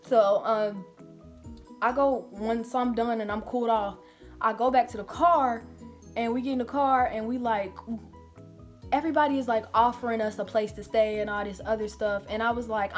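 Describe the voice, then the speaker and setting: A woman vlogger chats through a get-ready-with-me storytime in a casual, cursing, animated way. Her voice sits at an everyday middle pitch. Soft music plays faintly under her talk. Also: normal speed. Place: grandmother's apartment indoors.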